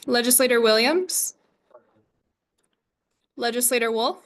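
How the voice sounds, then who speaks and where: A woman with a fairly high, bright voice chairs a student government meeting, running through the agenda and roll call in a brisk, scripted manner.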